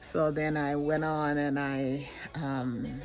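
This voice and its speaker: Earnest older woman with a gravelly voice. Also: deep voice, flat delivery, darkish tone, faint music behind. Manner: earnest, halting, emotional, with many restarts. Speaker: vlogger telling her coming-out story. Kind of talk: personal storytelling to camera.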